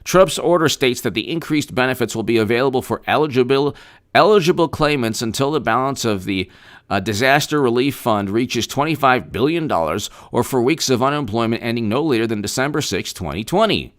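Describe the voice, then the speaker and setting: A man's voice: mid-range voice, animated, brisk. A man hosting a live political commentary stream, reading out news and then rambling sarcastically with frequent restarts.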